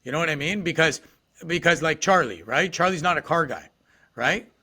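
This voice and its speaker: Bright-voiced man, filler-heavy chat. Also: on the high side, lively intonation, normal speed, husky. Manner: lots of fillers, "you know", "right?". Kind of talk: casual podcast chat.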